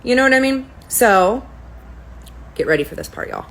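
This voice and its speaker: Profane, animated woman telling a story. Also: fairly high pitch, moderate pace, poor audio. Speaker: spa owner, permanent makeup artist. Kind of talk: casual storytelling rant to camera.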